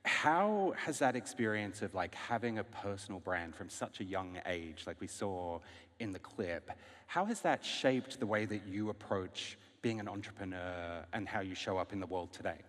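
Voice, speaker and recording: A man's voice: low voice, animated, normal speed, fairly bright tone. Aussie guy asking easygoing questions on stage, big hall echo. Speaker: interviewer. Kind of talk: onstage interview. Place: large festival stage hall. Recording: long hall reverb.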